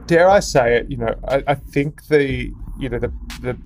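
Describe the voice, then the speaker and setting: A man co-hosting a podcast, chatting casually, reacting quickly and jumping in with his opinions, often restarting mid-sentence. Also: medium pitch, slight background noise. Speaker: podcast co-host. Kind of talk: casual chat.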